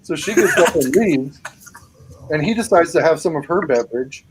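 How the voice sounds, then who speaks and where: A man's voice: on the high side, lively intonation, moderate pace, slight background noise, poor audio. Rambling, foul-mouthed man telling stories. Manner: swears a lot, rambling anecdotes. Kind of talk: casual chat, storytelling.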